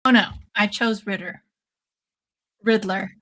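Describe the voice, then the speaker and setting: A woman hosting a casual watch-along stream, excitable and swearing freely, calling everyone "dude" while taking shots. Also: mid-range voice, a little slow. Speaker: livestream host.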